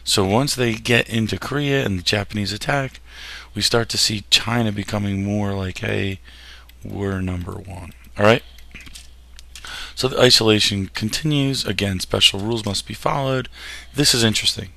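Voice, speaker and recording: A man's voice: on the low side, moderate pace, bright, forceful tone. A man teaching a history lesson over slides, casual and jokey, often tripping over words and restarting them. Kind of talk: classroom lecture over slides.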